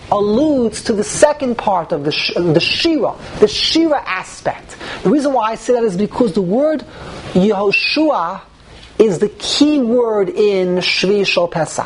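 A woman's voice: fairly high pitch, breathy edge, rough recording. A woman teaching a religious text class, explaining step by step and asking herself rhetorical questions.

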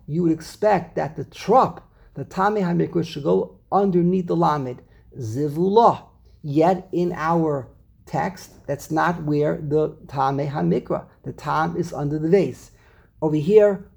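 Gravelly, husky-voiced man teaching. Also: fairly high pitch, a little mellow. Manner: repeats and restarts phrases, slows down to stress words. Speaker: Torah teacher. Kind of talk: text study lesson explaining grammar.

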